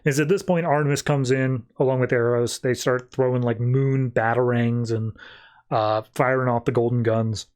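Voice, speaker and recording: A man's voice: medium pitch, steady tone, moderate pace, darkish tone, smooth. A man hosting a podcast, casually recapping a comic in a chatty, rambling way full of 'like'. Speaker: podcast host.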